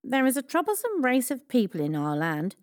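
A woman's voice: fairly high pitch, wildly swooping pitch, a little fast, a little mellow, pitched above the performer's own voice. A woman voicing a scheming, villainous royal adviser in a storybook reading, with a commanding, sinister voice. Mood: menacing.

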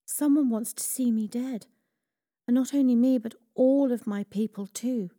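A woman's voice: fairly high pitch, moderate pace, mellow, voice pushed up, lightly acted. A woman voicing a brave, earnest young queen in a storybook reading, speaking in a pleading tone.

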